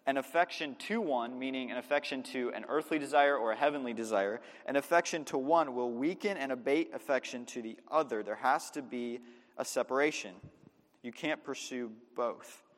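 A young adult man preaching a sermon, emphatic, leaning hard on key words and slowing down to drive points home. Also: medium pitch, big-room sound. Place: church sanctuary.

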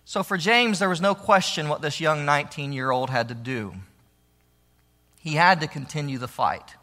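Bright-voiced man telling history in a hall. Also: a little high, normal speed. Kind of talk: historical storytelling talk. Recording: long reverb of a large hall.

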